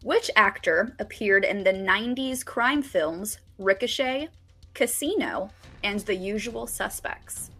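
A woman's voice: medium pitch, animated, slow pace, bright, forceful tone, slightly rough, soft background music. A woman co-hosting a trivia show, reading questions and teasing the host with a laugh.

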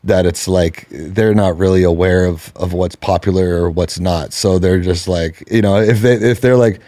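A man's voice: deep voice, fairly even intonation, moderate pace, warm tone, no echo. A man appearing as a podcast guest, talking in a laid-back way with lots of fillers. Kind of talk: casual podcast chat.

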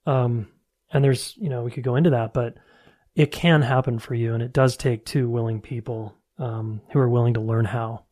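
A man's voice: medium pitch, steady tone, normal speed, a little mellow. Candid, reflective male relationship coach. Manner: reflective, candid, many fillers. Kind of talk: casual podcast conversation.

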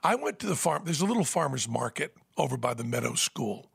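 A man telling a story in casual podcast chat, animated and breaking into high laughter. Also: brisk, vocal fry, breathy edge, dry recording, clean studio sound. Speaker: podcast host. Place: Las Vegas.

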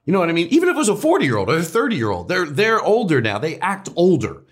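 A male comedian as an interview guest, talking in rambling, animated bursts with restarts and swearing. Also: fairly high pitch, quick pace. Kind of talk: casual interview chat.

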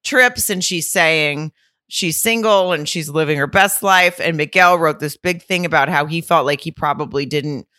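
A woman co-hosting a podcast in casual chat, blunt and quick to swear. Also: sits low, pushed and bright, dry recording, clean studio sound. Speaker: podcast co-host.

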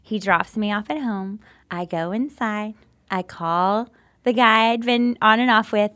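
A woman as an interview guest, telling a personal story in a lively, chatty way. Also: mid-range voice, measured pace. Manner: lively, chatty, many fillers. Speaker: guest telling how she met her husband. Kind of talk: casual storytelling.

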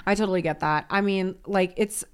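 A woman's voice: mid-range voice, brisk, smooth. A woman co-hosting a podcast, chatting candidly and expressively. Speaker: podcast co-host. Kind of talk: casual chat.

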